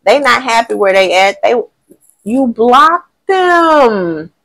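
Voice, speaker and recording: A woman giving a casual tarot reading to a general audience. She thinks aloud, talks in lively slang, swears now and then and often says she does not know. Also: a little high, slow pace, creaky. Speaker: tarot reader.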